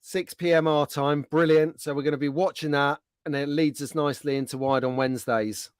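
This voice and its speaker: A man's voice: a little high, fairly even intonation, fairly quick, clean tone, dry recording, clean studio sound. A middle-aged man hosting a casual livestream, chatting and bantering in an upbeat way. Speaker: livestream host. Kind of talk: casual chat.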